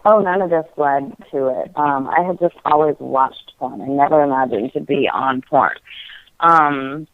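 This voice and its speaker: A woman with a bass voice shares a personal story as a podcast guest, speaking at a measured pace, frank and casual. She giggles often and uses "like" over and over, and the dry recording has a tinny, phone-like quality.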